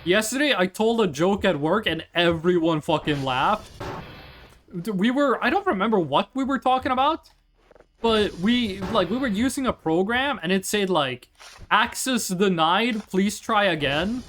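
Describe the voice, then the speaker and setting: A young man streaming a game, chatting casually and telling profane, animated stories. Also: high voice, moderate pace, a little hiss or hum. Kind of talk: casual chat while gaming.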